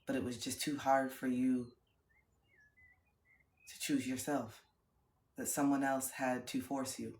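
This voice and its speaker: A woman's voice: a bass voice, unhurried, pauses often. A woman in her thirties livestreaming, talking reflectively about healing and gratitude in a casual way. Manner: reflective, spiritual, breaks into laughter and excited chanting. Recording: roomy echo.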